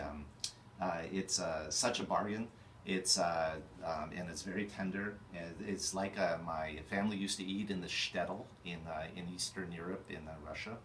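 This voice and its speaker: Brief: man doing a boastful old-world deli chef, louder and slightly higher, lots of "uh". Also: a little hiss or hum. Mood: hammy. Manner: halting, many fillers, loud exclamations. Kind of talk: comic ad take.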